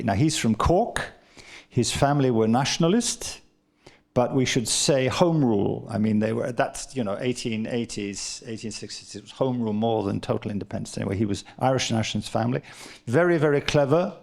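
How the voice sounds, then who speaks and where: A man's voice: medium pitch, creaky, a little mellow. A man giving a rambling, anecdotal talk about his book at a literary festival, often stumbling and repeating words. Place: live literary festival event.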